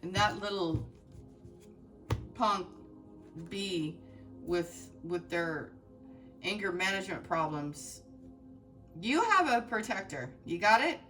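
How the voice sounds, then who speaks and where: A woman's voice: mid-range voice, animated, slow pace, pauses often, a bit bright, distant mic, faint music behind. A woman giving a heartfelt, emotional tarot reading, speaking straight to her viewers with many fillers and restarts. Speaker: tarot reader.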